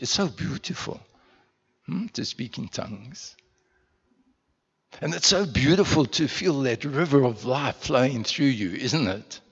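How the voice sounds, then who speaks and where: A man's voice: mid-range voice, breathy edge. A man from South Africa preaching a sermon to his congregation, talking conversationally with many rhetorical questions and repeated words. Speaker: pastor. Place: church. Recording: muffled sound in a reverberant church hall.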